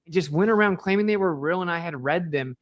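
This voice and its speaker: A man in a heated debate, insistent and defensive, firing back quick rebuttals. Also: high voice, no echo.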